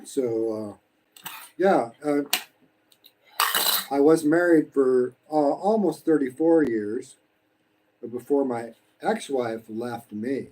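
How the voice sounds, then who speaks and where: A man's voice: medium pitch, slow pace, pauses often, dark tone, slight background noise, poor audio. A man in his sixties from the United States, talking bluntly and preachily in a casual live-stream while eating, swearing freely. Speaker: vlogger. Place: home in the Philippines.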